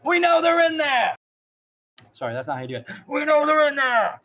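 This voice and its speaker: A man voicing rough bandits yelling and banging on a shop door. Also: medium pitch, flat delivery, racing, natural voice. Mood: aggressive. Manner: yelling, pounding. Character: rowdy male bandits shouting outside a door.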